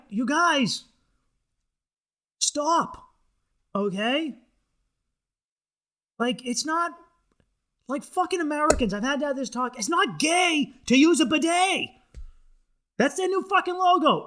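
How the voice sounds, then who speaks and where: A man with a high, bright voice riffs through a crude comedy monologue. He rambles and swears freely, full of restarts and asides. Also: very animated, unhurried. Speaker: podcast host.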